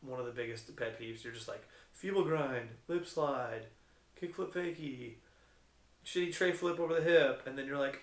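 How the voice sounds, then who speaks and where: A man's voice: medium pitch, moderate pace, reverberant. A middle-aged man telling stories in a casual, profane, slangy way, as a skate contest judge. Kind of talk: casual storytelling.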